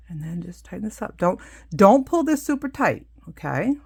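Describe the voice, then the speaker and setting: A woman's voice: medium pitch, very animated, normal speed, gravelly, a little mellow, slightly rough. A middle-aged woman casually demonstrating a craft, chatty and full of asides as she works. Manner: chatty, explains hands-on with many asides. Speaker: craft teacher.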